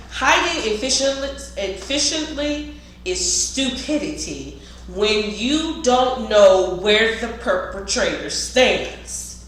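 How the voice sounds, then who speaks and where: A woman's voice: on the high side, a bit bright. A woman giving a casual, emphatic security training talk and speaking straight to viewers. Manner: emphatic, direct, talks to viewers as y'all. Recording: very echoey room, faint noise.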